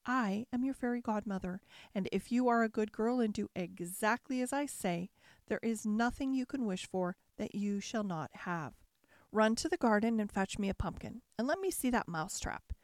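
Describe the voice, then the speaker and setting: A woman reading a storybook aloud, voicing a kindly, brisk little old fairy godmother who gives orders gently. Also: medium pitch, expressive, no echo, clean studio sound, close to an everyday voice. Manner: gently commanding, quick to impatience.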